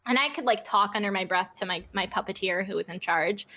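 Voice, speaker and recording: Bright-voiced young woman telling lively stories. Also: medium pitch, fairly quick. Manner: animated storyteller who acts out quotes and swears freely. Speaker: guest streamer. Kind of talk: casual podcast interview chat.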